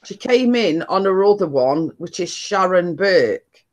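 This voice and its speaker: Slow-talking woman. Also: on the low side, lively intonation. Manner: reads chat comments aloud, chuckling. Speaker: host of a live chat stream. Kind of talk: casual group chat.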